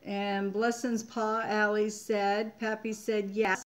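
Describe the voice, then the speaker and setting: A woman's voice: medium pitch, flat delivery, takes it slowly. An older woman from Maine hosting a casual live-stream chat, reading viewers' comments aloud in a chatty way. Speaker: homestead channel host.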